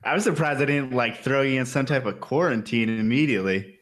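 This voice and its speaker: A man's voice: mid-range voice, brisk, fairly bright tone. A man hosting a casual interview, asking easygoing, curious questions. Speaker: interviewer, host.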